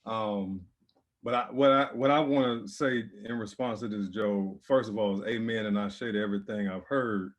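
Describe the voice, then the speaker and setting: A man who leads a seminary, answering on a panel in a measured, academic way with slow, emphatic phrasing. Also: lowish voice, steady tone. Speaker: seminary president. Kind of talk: reflective panel response.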